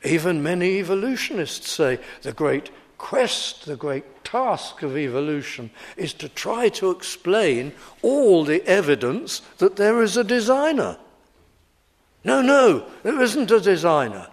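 A man's voice: sits high, very animated, unhurried, few pauses. A man preaching an expository sermon, emphatic and driving his points home by repeating key phrases.

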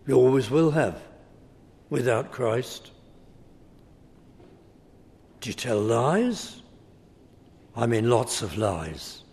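A man's voice: mid-range voice, vocal fry, darkish tone. A man preaching a sermon, speaking emphatically and returning again and again to a repeated refrain. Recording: reverberant hall.

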